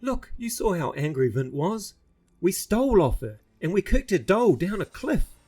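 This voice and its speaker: A man's voice: sits high, very animated, moderate pace, a little mellow, breathy edge, soft background music, voice pushed up, heavily acted. A man playing a heated young boy thief.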